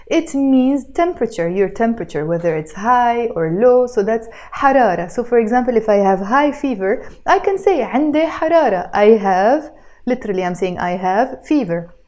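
Woman teaching Arabic, slow drills. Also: fairly high pitch, expressive, darkish tone. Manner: slow, careful pronunciation drills, switching between languages. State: has a cough. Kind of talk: online language lesson.

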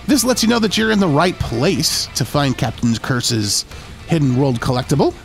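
Animated upbeat gaming host, man. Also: fairly high pitch, moderate pace, vocal fry. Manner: upbeat and chatty, drops into playful pirate talk. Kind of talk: let's-play gameplay commentary. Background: game music.

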